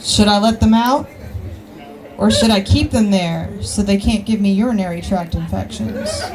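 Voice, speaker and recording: A woman's voice: mid-range voice, very animated, moderate pace, a crowd in the background, noisy background. A woman from Alabama, performing a crude stand-up comedy set with rambling asides. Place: live outdoor show with audience.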